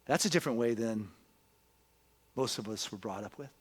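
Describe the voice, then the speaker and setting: An earnest male minister delivers a sermon in a conversational tone. His voice sits at an ordinary middle pitch, and he slips into storytelling with easy fillers. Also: moderate pace, slightly rough. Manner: earnest, conversational, many "you know" fillers.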